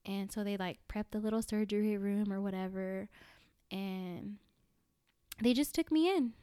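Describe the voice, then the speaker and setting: A woman's voice: mid-range voice, unhurried, warm tone, clean tone, no echo, studio quality. Young woman telling a story emotionally. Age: young adult. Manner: emotional storytelling, filler-heavy. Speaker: podcast guest. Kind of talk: casual chat.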